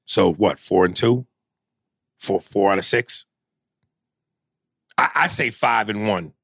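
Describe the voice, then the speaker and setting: A man's voice: lowish voice, slow, husky, no room sound. A man hosting a podcast, arguing animatedly and reading out listener messages in casual chat. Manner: animated, argumentative, reads listener messages aloud. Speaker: podcast host.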